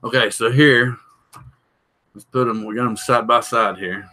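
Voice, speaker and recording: A man's voice: medium pitch, fairly even intonation, a little slow, bright, forceful tone, low-quality recording. A middle-aged man, hosting a live stream and thinking aloud as he unboxes, chatting with and greeting viewers. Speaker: drone channel host.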